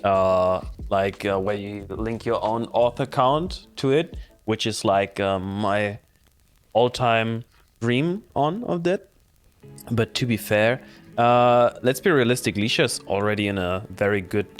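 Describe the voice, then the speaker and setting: A man, a guest streamer chatting casually on a podcast in a blunt, rambling, profane way. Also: lowish voice. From Germany. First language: German.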